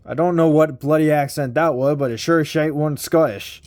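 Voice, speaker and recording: A man's voice: on the high side, fairly even intonation, normal speed, a little mellow, dry recording. A young man casually reviewing a toy in a rambling, slangy vlog style with mild swearing.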